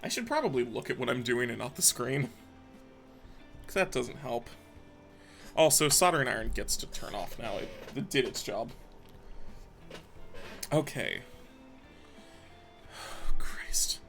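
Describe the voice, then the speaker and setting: Stressed streamer man with a gravelly voice. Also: mid-range voice, big pitch swings, measured pace, long pauses, a bit bright. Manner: mutters to himself, swears often, frustrated. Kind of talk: live-stream talk while building a handheld console. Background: faint background music.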